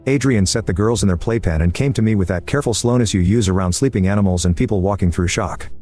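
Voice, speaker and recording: A man reading a first-person story aloud in an even, measured scripted narration. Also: fairly low pitch. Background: faint background music.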